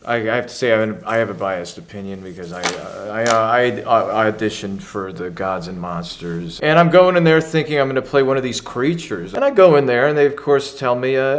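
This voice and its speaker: A man on a comedy panel, stammering and telling an absurd story in a deadpan way. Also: on the low side, fairly quick, few pauses. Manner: stammering storyteller, acts out quoted voices.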